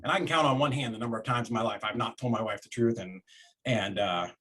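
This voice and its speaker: A man telling a personal story to an interviewer, conversational and lively. He acts out what he and others said and often restarts his sentences. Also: mid-range voice, fast talker. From Florida, USA. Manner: animated storyteller, acts out quoted voices, many restarts. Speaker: real estate investor and guest.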